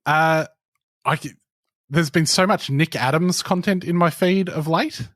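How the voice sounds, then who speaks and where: A man's voice: a little high, a little slow, a bit bright, no room sound, clean studio sound. A young man, co-hosting a podcast in casual chat, telling stories in a wry, sardonic way. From Australia. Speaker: podcast co-host.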